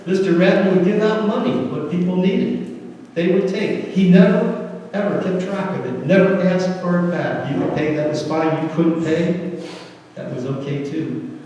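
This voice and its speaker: A man voicing an older, gruff but kind male West Virginia farmer, with a slow, plain-spoken drawl. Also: high voice, dark tone, muffled recording, a little hiss or hum, natural voice. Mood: earnest. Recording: echoey hall from far off.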